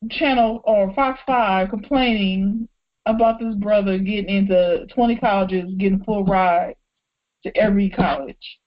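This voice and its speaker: A woman co-hosting a podcast in casual chat, outspoken and animated, laughing often. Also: mid-range voice, unhurried, dull audio. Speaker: podcast co-host.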